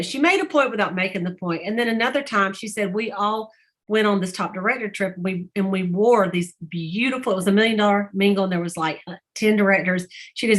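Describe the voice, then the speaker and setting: A woman's voice: medium pitch, fairly bright tone. A middle-aged woman, chatting casually to her sales team and retelling stories with quoted voices and laughter. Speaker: sales team leader on a group call. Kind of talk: casual storytelling to a team call.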